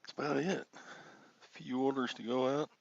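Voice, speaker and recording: A man's voice: mid-range voice, steady tone, normal speed, creaky, dull audio. A man hosting a casual solo livestream, rambling and self-deprecating as he greets viewers by name. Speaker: livestream host.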